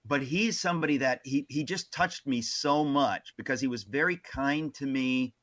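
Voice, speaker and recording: A man guest on an interview show, telling stories from his life in a lively way with many restarts. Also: medium pitch, normal speed, highs cut off. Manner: animated, many restarts and asides. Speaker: author guest. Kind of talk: casual interview storytelling.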